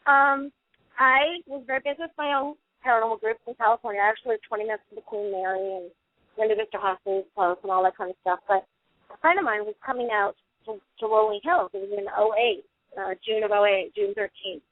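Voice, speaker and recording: A middle-aged woman, a paranormal investigator, telling long animated stories as a guest in a radio interview. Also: mid-range voice, quick pace, dry recording. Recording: tinny dry phone line.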